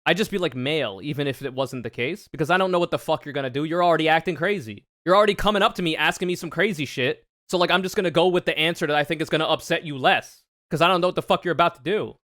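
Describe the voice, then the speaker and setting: A man's voice: on the high side, racing, few pauses, no echo, studio quality. Sarcastic, profane male streamer. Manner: profane, sarcastic, animated ranting. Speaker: streamer reacting to debate clips. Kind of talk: casual reaction commentary.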